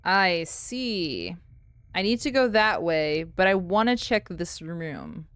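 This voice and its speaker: A woman's voice: on the low side, expressive, slow, a bit bright, clean tone. Chatty woman streaming a game. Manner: chatty, talks to viewers while playing; reads in-game notes aloud. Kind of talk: casual gameplay commentary.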